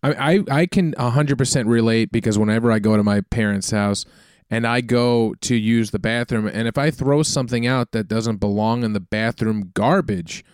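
A man's voice: mid-range voice, normal speed, clear, resonant tone, dry recording, studio quality. A man hosting a casual chat, laughing easily and trading a relatable story about his parents. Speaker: podcast host.

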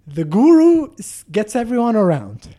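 A man's voice: high-pitched, wildly swooping pitch, moderate pace, mellow. A man telling a comedic story on a podcast, rambling with lots of fillers and swearing, rising to exasperated outbursts.

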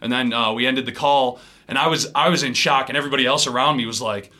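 Young guy from wisconsin, bright voice, tells stories animated, does everyone's voices. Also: mid-range voice, fast talker. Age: 20s. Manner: animated storyteller, acts out others' voices. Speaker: pro baseball pitcher, guest. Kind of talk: casual storytelling interview.

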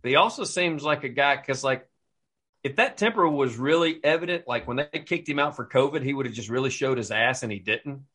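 A man's voice: mid-range voice, expressive, a little fast, fairly bright tone. A man co-hosting a casual podcast, rambling and joking with friends. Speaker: podcast co-host. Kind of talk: casual banter.

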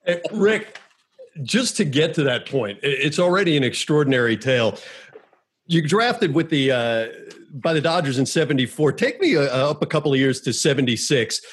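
A male host with a husky voice asks rapid, eager questions. His pitch swings widely and sits a little above the middle. He laughs easily between questions. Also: lively intonation. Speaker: sports show host. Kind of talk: interviewing a guest.

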